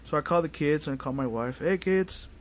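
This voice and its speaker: A man's voice: mid-range voice, racing, a little hiss or hum. A man, a paranormal investigator telling a story as a guest in a studio interview and acting out the family's lines. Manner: animated, acts out family dialogue. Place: radio studio.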